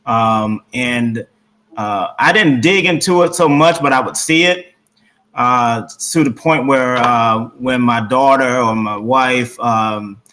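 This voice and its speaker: Hesitant man with a bright voice. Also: mid-range voice, slow pace, rough recording. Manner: hesitant, many "uh" fillers and restarts. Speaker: guest. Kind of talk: casual discussion.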